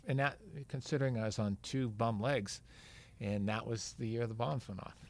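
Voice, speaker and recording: Speaking at a moderate pace in a medium-pitched voice, this veteran marathon runner, an older man, rambles through a long story as a podcast guest. He casually acts out the dialogue of the people he quotes.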